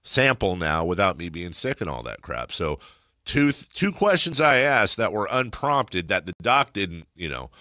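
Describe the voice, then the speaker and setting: Radio host guy rambling through a story, lots of pitch swings, bright dry studio sound. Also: sing-song, normal speed, no echo. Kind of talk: casual on-air banter. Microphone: studio microphone.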